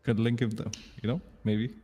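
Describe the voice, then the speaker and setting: A lower-pitched male esports caster doing live commentary, animated and quick to exclaim. His voice carries a long reverb tail. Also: slightly rough, soft background music.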